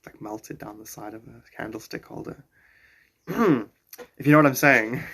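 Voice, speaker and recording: With a South African accent, this man in his forties jokes around easily with viewers on his live stream. He was born in Zimbabwe and grew up in South Africa. His medium-pitched voice is gravelly and sharp with a breathy edge, and he speaks at a normal speed.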